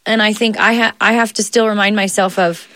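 A woman's voice: medium pitch, fairly even intonation, fairly quick, fairly bright tone. A woman talking earnestly and reflectively in a casual chat, laughing easily.

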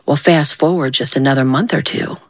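A woman's voice: low-pitched, brisk, no room sound, studio quality. Folksy woman telling a story. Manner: animated, folksy, voicing characters. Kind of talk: animated story narration.

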